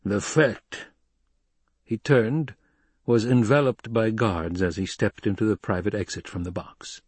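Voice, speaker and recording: Low husky guy narrating a novel, slow and calm, dry close sound. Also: dry recording. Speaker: audiobook narrator. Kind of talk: scripted narration.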